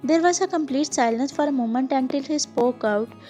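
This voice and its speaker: A woman narrating a fan fiction story in second person, reading in a plain, steady way. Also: high-pitched, a little fast, faint music behind.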